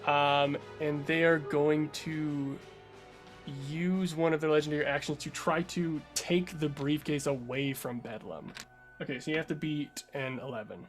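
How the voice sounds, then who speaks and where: A man narrating as game master of a tabletop game, laughing often and halting with fillers. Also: a little high, fairly even intonation, soft background music.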